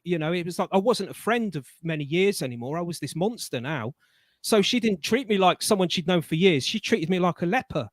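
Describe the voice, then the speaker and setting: A man with a somewhat high voice tells a story on a live online chat. He is animated and colloquial and trips over his words as he goes. The sound is close and dry, with no room in it. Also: a little fast, no room sound. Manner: animated, stammering restarts, colloquial. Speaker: guest.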